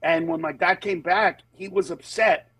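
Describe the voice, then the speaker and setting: A man, a comedian guest, telling stories in casual chat, animated and acting out other people in high voices, then turning earnest. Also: normal speed, breathy edge, dry recording, poor audio. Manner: turns earnest and reflective. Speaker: comedian guest on a talk show.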